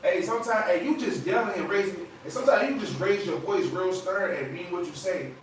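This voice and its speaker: A man's voice: high-pitched, a little fast, a little hiss or hum. A young man teaching a small Bible study group in a loose, conversational way, often tagging his points with "man" and "right?". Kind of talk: casual Bible study talk. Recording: echoey room from far off.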